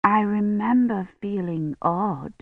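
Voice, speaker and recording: A reader voicing a sick young man who speaks faintly and slowly, feverish and afraid. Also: medium pitch, lively intonation, gravelly, dry recording, narrow, tinny audio, heavily acted. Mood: weak, frightened. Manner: faint, slow, fearful murmuring. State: feverish, shivering.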